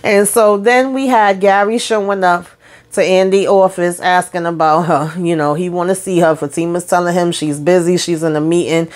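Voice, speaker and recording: A woman's voice: lowish voice, moderate pace. A woman recapping a TV drama episode in a casual, chatty way, full of slang and side remarks. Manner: chatty, lively retelling with slang and asides. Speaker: TV show recap host.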